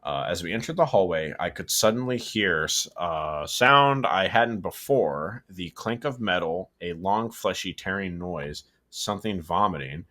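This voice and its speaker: A man's voice: low-pitched, expressive, unhurried, hardly any pauses, bright, forceful tone. A man casually reading a horror story aloud, stumbling, correcting himself and adding asides. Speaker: story reader and co-host.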